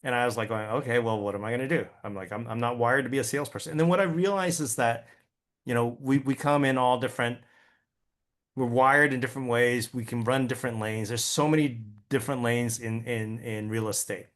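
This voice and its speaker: A man's voice: medium pitch, steady tone, a little fast. A man giving a conversational training talk to real estate agents, chatty and often checking in with listeners, stumbling and repeating words as he goes. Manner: chatty, keeps asking "right?".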